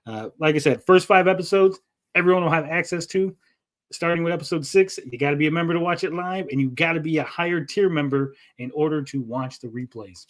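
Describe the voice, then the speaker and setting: A man's voice: a little high, brisk. A man hosting a casual livestream, rambling and joking as he reads out chat messages. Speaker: livestream host.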